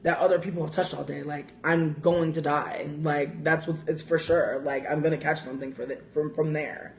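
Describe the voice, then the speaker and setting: Speaking at a normal speed in a low voice, a young woman runs a casual livestream. She reads viewer comments and tells animated, profane stories peppered with "like" and laughter.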